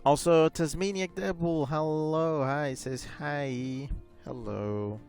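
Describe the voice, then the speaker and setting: A man's voice: fairly high pitch, steady tone, takes it slowly, creaky, darkish tone, soft background music. A man chatting casually on a live gaming stream, rambling with lots of fillers and reading chat messages aloud.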